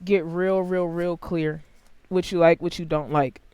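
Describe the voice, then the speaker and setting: Tarot reader cussing thru a reading, loud one sec quiet the next, mid pitch, dead dry room. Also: fairly even intonation, a little slow, clean tone, dry recording, muffled recording. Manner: blunt, profane, fired-up; big jumps in pitch and loudness. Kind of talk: casual tarot reading to camera.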